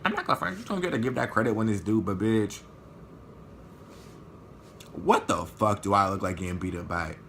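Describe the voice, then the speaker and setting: Guy doing a storytime vlog, bright voice, super animated, cussing a lot. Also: fairly low pitch, brisk, creaky, pauses often, slight background noise. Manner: animated, profane storytelling, acting out quotes. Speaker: vlogger.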